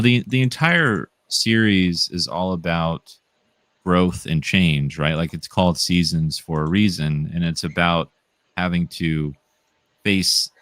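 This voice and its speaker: A man's voice: low voice, fairly bright tone, no echo. A young man from the Midwest, a comic writer talking casually as a guest, full of fillers like "like" and "um". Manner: rambling with many fillers. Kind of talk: casual interview chat.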